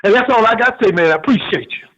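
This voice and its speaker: A man's voice: high-pitched, lively intonation, very fast, fairly bright tone. Male caller, folksy storyteller, repeats himself, muffled phone audio. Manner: folksy, repetitive, tells long funny anecdotes. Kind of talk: rambling call-in storytelling.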